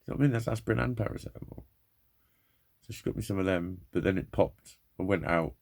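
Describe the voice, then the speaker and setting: A man talks straight to camera in a low, gravelly voice. He rambles, swears often and sounds worn down by pain and frustration. His delivery is candid and unpolished. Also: fast talker, a little mellow. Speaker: vlogger. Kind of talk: candid personal monologue.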